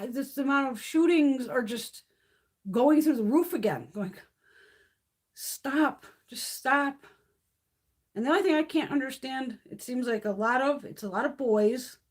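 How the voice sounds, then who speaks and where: A woman in her fifties chatting on her own livestream, with a voice that is fairly high and swings widely in pitch. She swears hard and rants bluntly, sounding fired up. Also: expressive, moderate pace, a little mellow. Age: 50s. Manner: profane, blunt ranting. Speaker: beauty livestream host. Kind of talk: casual livestream chat. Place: home, mountain area.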